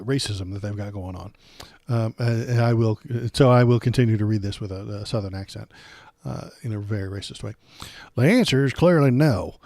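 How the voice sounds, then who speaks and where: A man hosting a casual political live stream, reading headlines and reacting with sarcastic indignation. He rambles through plenty of fillers and restarts. His voice sits at an ordinary middle pitch and is recorded dry and close, with no room echo. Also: mellow.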